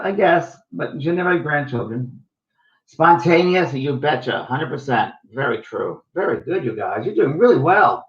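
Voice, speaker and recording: Chatty middle-aged psychic host, echoey. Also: male voice, fairly high pitch. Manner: chatty, affirming, storytelling. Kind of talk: live stream reading comments. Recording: echoey, distant, dull sound.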